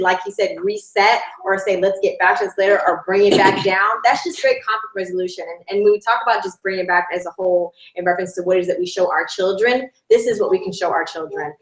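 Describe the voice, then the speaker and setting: A woman of middling pitch explains things calmly and carefully, as a co-host on an online talk. Her voice echoes in the room around her. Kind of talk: casual teaching talk.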